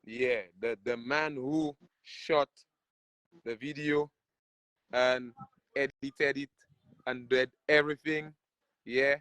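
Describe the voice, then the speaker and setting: A man's voice: mid-range voice, slow pace, long pauses, smooth, no room sound, low-quality recording. A man with a Saint Lucian accent, a calypso artist, talking animatedly about his music video and family in a casual interview. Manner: animated, patriotic, repeats phrases like "you check what I showing you".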